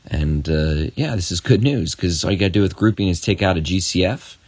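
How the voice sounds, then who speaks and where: A math teacher with a very low, darkish voice guides a student through a video lesson, speaking directly to the viewer with encouragement and quick asides. The recording is close and dry, with no room sound.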